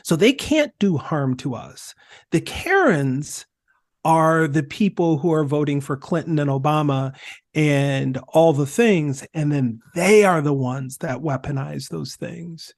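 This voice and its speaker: A man speaking as a podcast guest, telling stories in an emphatic, animated way. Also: on the high side, slow pace, no echo, studio quality. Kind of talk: conversational discussion.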